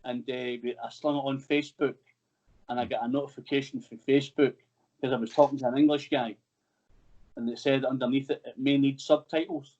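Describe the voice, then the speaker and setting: A man's voice: medium pitch, level tone, fairly quick, a little mellow. Chatty man hosting over lo-fi audio. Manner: chatty, swears freely, teasing. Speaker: podcast host. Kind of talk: casual interview chat.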